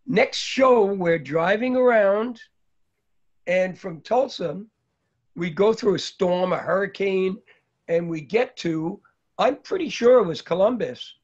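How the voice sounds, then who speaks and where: A high-pitched, slow male voice belongs to an older New York man, a guest speaker telling a long, rambling anecdote about his early days, full of fillers. The recording is dull and lo-fi.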